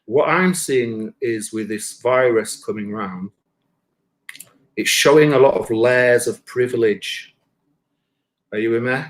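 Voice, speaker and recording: A musician and comedian with a mid-range voice chats casually on a live stream, speaking slowly and pausing often. He's blunt and swears a lot, acting out the voices of the people in his animated stories.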